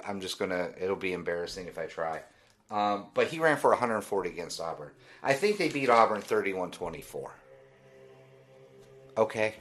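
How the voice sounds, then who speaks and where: Male podcast host, lowish voice, opinionated solo sports rant, dismissive tone. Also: a bit bright.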